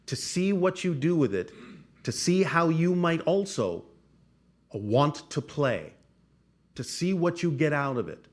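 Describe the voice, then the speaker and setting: A man speaking as a channeler, answering audience questions in a formal, measured cadence with repeated phrases. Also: fairly high pitch, lively intonation. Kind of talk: channeled spiritual talk.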